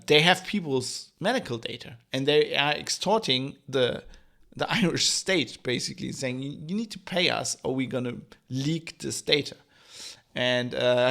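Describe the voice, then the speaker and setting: Young guy ranting solo on his podcast, sarcastic, swears a lot, kinda gravelly fry in the voice. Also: on the high side, fairly bright tone. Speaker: podcast host.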